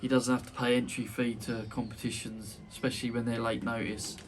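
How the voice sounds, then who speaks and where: A boisterous man hosts a casual, sweary podcast chat full of ribbing. He sits well back from the mic, with a faint hiss of noise behind him. His pitch sits in a middling range. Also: little pitch movement, brisk, far from the mic. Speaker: podcast host. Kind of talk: casual banter.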